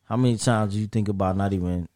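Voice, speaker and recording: A man's voice: on the low side, steady tone, fast, a little mellow. A young man in a casual group chat who poses questions and jokes around.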